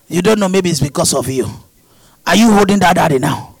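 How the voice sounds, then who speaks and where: A man preaching and praying over a congregation, shouting repeated prayer lines with passion. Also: high voice, lively intonation, brisk, creaky, dry recording, poor audio. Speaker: pastor.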